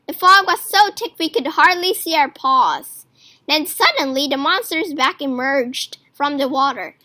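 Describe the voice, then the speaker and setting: A woman reading a children's storybook aloud, her voice high and bright. She tells it at a slow, unhurried pace with lively, sing-song swoops in pitch. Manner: expressive storytelling with character voices. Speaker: reader. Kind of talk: children's book read aloud.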